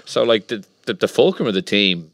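An Irish man hosting a sports radio discussion, briskly listing facts. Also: fairly low pitch, lively intonation, fairly bright tone, dry recording, clean studio sound.

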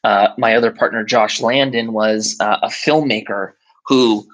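A man, a brewery co-founder, telling stories in a relaxed interview and acting out the people he quotes. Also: on the low side, unhurried, low-quality recording. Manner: animated, acts out quoted voices while telling stories. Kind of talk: conversational interview storytelling.

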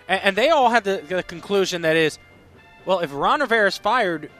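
A man's voice: sits high, sharp tone. A man hosting a live sports radio show, upbeat and chatty, reading out phone numbers between talk. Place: radio row at a sports event.

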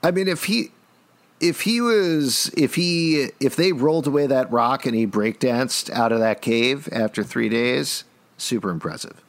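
A man's voice: mid-range voice, measured pace. A man co-hosting a casual podcast, recapping a TV episode in a wry, joking way and often restarting sentences. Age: middle-aged. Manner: wry, jokey storyteller with frequent restarts. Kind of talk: casual chat.

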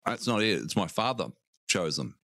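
Brief: deep-voiced Australian male co-host, dry wit, dry studio mic. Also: expressive, moderate pace, sharp tone, no echo. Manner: dry, storytelling banter. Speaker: radio co-host. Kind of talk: comedic radio chat.

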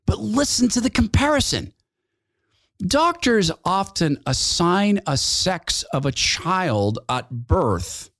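Talk radio guy ranting, sarcastic and mocking, voice kinda high and bouncing all over, dry close mic. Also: sing-song, slow, fairly bright tone, no room sound. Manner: sarcastic, mocking, laughs at his own jabs. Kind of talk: opinionated talk radio monologue.

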